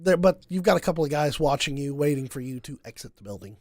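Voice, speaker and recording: Man narrating a tabletop game, stop-start delivery, gravelly, higher pitched. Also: animated, a little mellow, no echo. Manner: halting, many fillers and restarts, says y'all. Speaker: game master.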